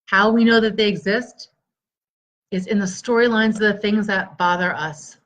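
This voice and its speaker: A middle-aged woman coaching viewers on a live stream, energetic and encouraging, greeting people by name. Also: medium pitch, normal speed, low-quality recording. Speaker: stress relief coach.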